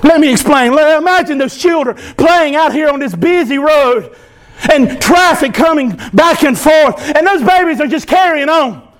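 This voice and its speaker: A male pastor preaching an impassioned sermon, often breaking into shouts. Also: very high-pitched, expressive, normal speed. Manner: impassioned, fervent, bursts into shouting.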